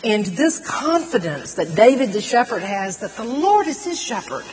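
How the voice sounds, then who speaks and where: A middle-aged woman preaching a sermon, earnest and animated, stretching out words for emphasis. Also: fairly high pitch, moderate pace. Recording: long hall reverb, faint noise.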